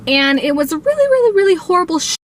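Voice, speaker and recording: A woman's voice: very high-pitched, sing-song, fast talker, slight background noise. A young adult woman telling a casual storytime on her channel, chatty and filler-heavy, acting out what people said. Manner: chatty, acts out quoted dialogue, many fillers. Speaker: vlogger.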